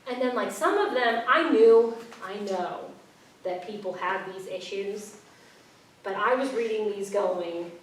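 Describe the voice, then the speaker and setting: A woman's voice: medium pitch, a little slow, a little hiss or hum. Young woman telling her story, frank and jokey, sounds far off in a big echoey room. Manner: frank and humorous, acting out quoted dialogue. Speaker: speaker sharing her story. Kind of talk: personal storytelling talk. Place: talk venue.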